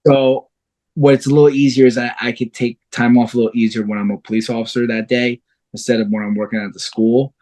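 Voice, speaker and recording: Here a thirtysomething male fighter, guest on a podcast, speaks a little fast at medium pitch. Chatting casually, he spins stories with lots of energy and plenty of swearing.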